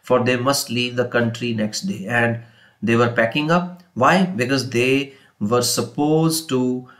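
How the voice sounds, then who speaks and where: A man's voice: medium pitch, fairly bright tone. A man explaining a textbook chapter to students, reading passages and then going over them, often saying "you see" and "kindly note down". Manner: slow, repeats and rephrases, fillers, "you see" and "kindly note down". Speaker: English teacher. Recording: faint guitar music behind.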